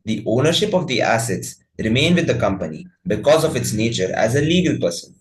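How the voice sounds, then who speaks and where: A man reading legal definitions aloud in a steady, formal way. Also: medium pitch, brisk, low-quality recording.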